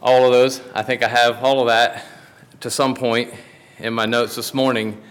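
A man's voice: mid-range voice, flat delivery, moderate pace, slight background noise. A man delivering a sermon from the pulpit, telling a story in a folksy way with frequent restarts. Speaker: preacher.

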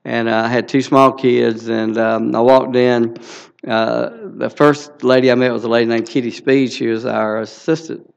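A man's voice: medium pitch, flat delivery, normal speed, creaky, muffled recording. A man in his sixties with a Southern US accent, telling a folksy church testimony with many fillers. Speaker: guest speaker.

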